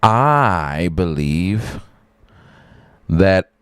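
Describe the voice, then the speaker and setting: A man's voice: low voice, very animated, very slow, smooth, no room sound. A man rambling casually and cursing freely while hosting a reaction live stream. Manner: rambling, profane, jokey.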